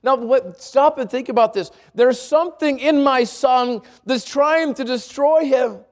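A man preaching a sermon. He reads scripture aloud in a lower voice, often repeats words as he thinks, and asks the congregation questions. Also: a little slow.

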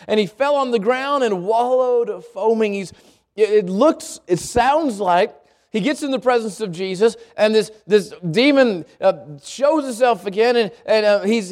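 A man preaching a sermon. He reads scripture aloud in a lower voice, often repeats words as he thinks, and asks the congregation questions. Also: a little mellow.

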